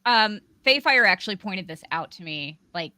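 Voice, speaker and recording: A woman's voice: mid-range voice, lively intonation, moderate pace, bright, forceful tone, dry recording. A woman guest host in casual chat, hesitant and restarting her sentences.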